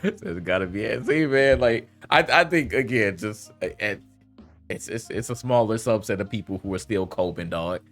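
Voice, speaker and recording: A man's voice: lowish voice, lively intonation, normal speed, a bit bright, soft background music. A man giving a casual, slangy commentary rant, laughing often and talking loosely with lots of fillers. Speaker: commentary vlogger.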